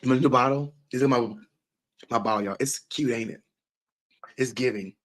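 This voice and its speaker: A man's voice: medium pitch, a little fast, a bit bright. A man hosting a casual livestream, reacting to viewer comments with emphatic, repetitive, profanity-laced talk. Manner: emphatic and repetitive, swears freely. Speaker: livestream host.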